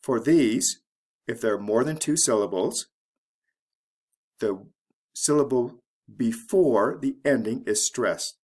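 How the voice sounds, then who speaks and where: A man teaching an English pronunciation lesson, spelling out word endings letter by letter in a measured, deliberate way. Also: mid-range voice, darkish tone. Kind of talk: slow scripted grammar lesson.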